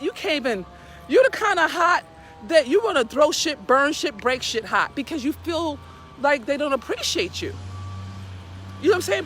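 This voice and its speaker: A woman's voice: sits high, very animated, moderate pace, a bit bright, soft background music. Blunt, profane woman preaching outdoors. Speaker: live video host. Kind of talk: casual live-stream talk. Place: outdoors in an urban area, walking a dog.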